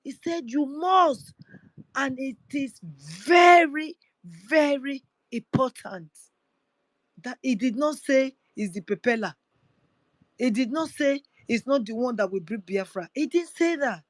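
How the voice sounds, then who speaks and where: Slow, fervent woman. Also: sits high, expressive, dry recording, low-quality recording. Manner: fervent, repetitive exhortations. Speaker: livestream host. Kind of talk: impassioned activist address.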